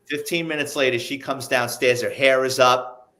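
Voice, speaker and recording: A man spins old police stories in a casual, conversational tone. He slips into quick voices for the people he describes, keeping it lively. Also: medium pitch. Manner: animated, acts out the people in his stories. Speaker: guest, retired police investigator. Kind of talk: casual storytelling.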